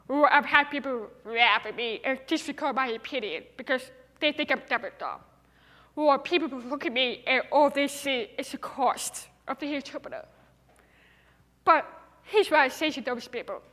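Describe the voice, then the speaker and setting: A woman's voice: high-pitched, moderate pace, bright, forceful tone. A young woman with a deaf speaker's accent, giving an earnest, emphatic inspirational talk on stage. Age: young adult. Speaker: TEDx speaker. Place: large hall. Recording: reverberant hall.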